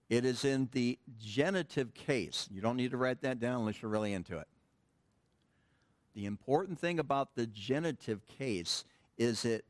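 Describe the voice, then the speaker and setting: A middle-aged pastor with a mid-range voice preaches in a church sanctuary, explaining a point of Greek grammar. He tosses casual, joking asides to the congregation, and there's no echo.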